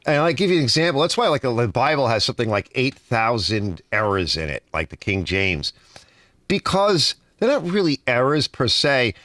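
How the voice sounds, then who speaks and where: A man's voice: medium pitch, moderate pace, no room sound. A middle-aged man with a heavy New York accent chatting casually on a livestream, telling stories and tagging sentences with "right?" and "you know?". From Long Island, New York. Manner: storytelling, animated, fillers like "right?" and "you know?". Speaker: livestream host. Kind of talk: casual livestream chat reading comments. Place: home garage.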